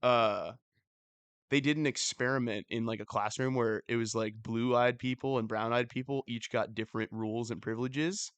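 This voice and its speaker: A man's voice: medium pitch, fairly even intonation, moderate pace, fairly bright tone, clean tone, no echo. A young man co-hosting a podcast in casual chat, rambling and laughing often. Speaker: podcast co-host.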